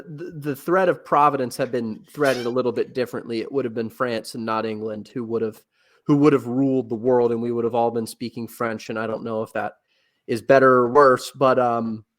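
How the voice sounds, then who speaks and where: Rambling, enthusiastic man lecturing about books. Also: mid-range voice. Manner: rambling, with frequent restarts and filler words. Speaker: podcast guest. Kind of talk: casual chat.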